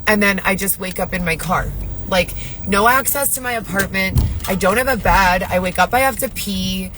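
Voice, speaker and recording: A woman's voice: medium pitch, normal speed, noisy background. A woman talking to camera in her car, rambling in an agitated, profane way as she vents to her viewers. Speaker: vlogger. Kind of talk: venting monologue to camera.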